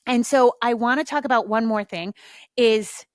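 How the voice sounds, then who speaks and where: A woman's voice: a little high, moderate pace, no room sound, studio quality. Frank, swearing podcast host woman. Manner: frank, swears freely, acts out little dialogues. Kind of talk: casual solo podcast talk.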